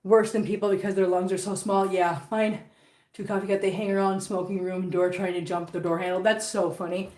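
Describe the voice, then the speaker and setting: A woman's voice: medium pitch, level tone, brisk, darkish tone, echoey room, distant mic. A woman vlog host chatting casually as she cleans at home, rambling along and cooing to her cats. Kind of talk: casual chat while cleaning. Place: home, indoors.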